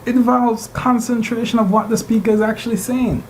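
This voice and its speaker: A man's voice: very high-pitched, steady tone, fairly quick, a little mellow, a little hiss or hum, poor audio. A man teaching a class, lecturing and regularly putting rhetorical questions to his students. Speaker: instructor.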